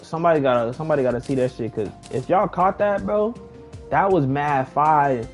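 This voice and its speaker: A young man casually telling a long story while playing a game, slangy and animated, his voice jumping high when he gets excited. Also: fairly quick, faint music behind. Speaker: gaming vlogger.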